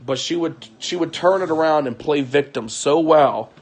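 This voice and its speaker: A young man live-streaming from home, talking in a weary, aggrieved way, halting and repeating his words. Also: a little high. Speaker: livestreamer. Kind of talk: emotional live-stream monologue.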